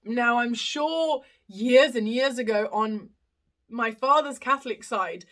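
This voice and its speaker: A woman's voice: a little high, slow pace, fairly bright tone. A young woman from Australia hosting a casual live stream, chatting through viewer comments with lots of fillers and restarts. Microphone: phone live stream.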